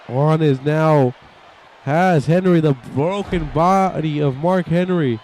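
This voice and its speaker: A man giving excitable play-by-play commentary over a wrestling video game and voicing the wrestlers' thoughts in quick asides. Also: on the high side, some chatter behind. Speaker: gameplay commentator.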